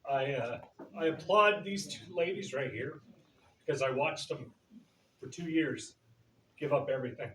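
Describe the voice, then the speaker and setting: A man's voice: medium pitch, moderate pace, pauses often, a bit bright, slight background noise. A middle-aged man telling a loose, humorous story about his cousin at a memorial gathering, with plenty of fillers and quotes he acts out. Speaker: eulogy speaker, cousin of the deceased. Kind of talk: informal storytelling eulogy. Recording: distant, roomy, with audience murmur.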